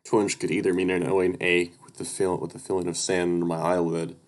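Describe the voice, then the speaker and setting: Low-voiced man reading a story game aloud. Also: little pitch movement, brisk. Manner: loose, profane, asides and stumbles. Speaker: let's-play narrator reading a visual novel aloud. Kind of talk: casual read-through narration. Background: music.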